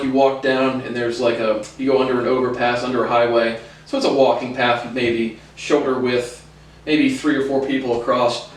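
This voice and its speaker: A man hosting a lecture series, talking in a casual, rambling way with many fillers and frequent chuckles. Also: mid-range voice. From United States. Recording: very echoey room, far from mic.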